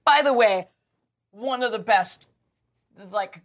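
A woman's voice: a little high, takes it slowly. Name: -. Sex: woman. Style: emotional storytelling, many restarts. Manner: emotional, animated, frequent restarts. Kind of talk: casual personal storytelling.

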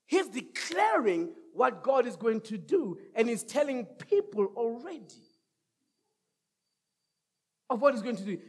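High-pitched shouting preacher man. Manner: shouting call-and-response preaching, whoops. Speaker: pastor. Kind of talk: energetic sermon.

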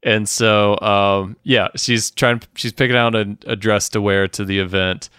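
Low-voiced man retelling a TV episode casually. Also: unhurried, clear, resonant tone, no echo, studio quality. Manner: animated retelling, acting out characters' lines, swears and laughs often. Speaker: podcast co-host. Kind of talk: casual chat recapping a TV episode.

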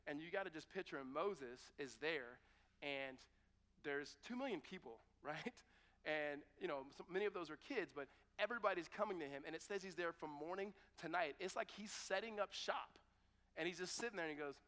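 A man's voice: high-pitched, moderate pace. A man preaching a sermon, reading scripture and then retelling it casually with quoted voices. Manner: conversational, animated retelling with quoted dialogue. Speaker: pastor. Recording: long hall reverb.

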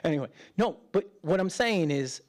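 A middle-aged man preaching as a pastor in a chatty way, acting out quoted voices and swinging between loud and hushed. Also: on the high side, expressive, unhurried. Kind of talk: sermon.

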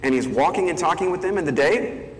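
A man's voice: a little high, lively intonation, brisk. A male pastor giving a conversational sermon, thinking aloud with fillers and restarts. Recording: echoey hall, faint ambience.

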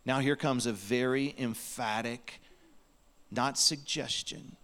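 A man's voice: medium pitch, fairly even intonation, takes it slowly, fairly bright tone. A man preaching a sermon in a church, earnest and pleading, sometimes dropping to a near whisper. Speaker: pastor. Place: church sanctuary.

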